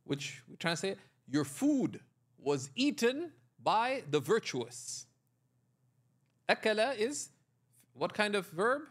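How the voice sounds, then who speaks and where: A man's voice: sits high, big pitch swings, slow pace, pauses often, slightly rough. A man teaching Arabic grammar in a classroom lecture, explaining step by step and often quizzing his students with questions and "right?". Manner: frequent checking tags like "right?".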